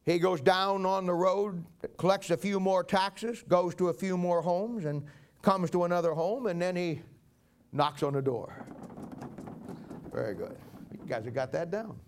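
Male pastor, sermon storyteller, very high voice. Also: measured pace, a little hiss or hum. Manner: vivid, dramatic storytelling.

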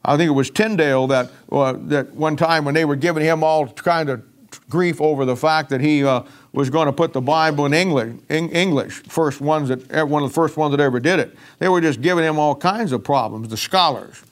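A man's voice: fairly high pitch, a little fast. A man preaching a folksy, emphatic sermon-style Bible teaching, with frequent restarts.

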